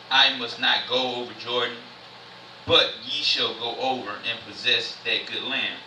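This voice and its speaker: A man giving a casual sermon in church, reading scripture slowly and then explaining it in loose everyday slang. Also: medium pitch, far from the mic, noisy background. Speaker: church speaker. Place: church sanctuary. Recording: echoey church room, mic from afar.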